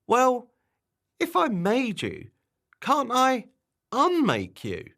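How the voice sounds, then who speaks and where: A man voicing a grumpy little girl animal in a bedtime storybook, with a high bratty voice. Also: huge pitch swings, extremely slow, gravelly, pushed and bright, heavily acted. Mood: curious.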